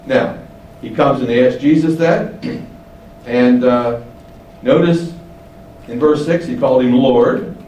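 A man teaching the Bible, explaining and asking rhetorical questions, shifting his pitch for emphasis. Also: takes it slowly, pauses often, dark tone, lo-fi sound. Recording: echoey room, distant mic, faint hiss.

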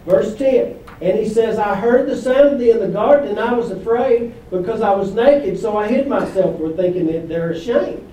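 Male pastor, high, mellow voice, slow deliberate delivery, distant echoey church hall. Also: slight background noise. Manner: emphatic, call-and-response preaching. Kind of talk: sermon. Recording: echoey room from far off.

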